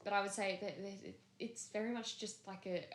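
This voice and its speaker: A woman's voice: mid-range voice, fairly quick, echoey room. A woman chatting casually as a podcast guest, talking freely with many fillers and restarts. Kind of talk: casual chat.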